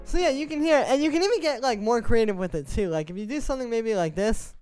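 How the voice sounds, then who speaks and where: A man, a music producer, explaining melody writing in a relaxed, conversational tutorial, stepping through his points one by one. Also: extremely high pitch, fast talker, clear, resonant tone. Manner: conversational, explains step by step while playing examples. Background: synth music playing.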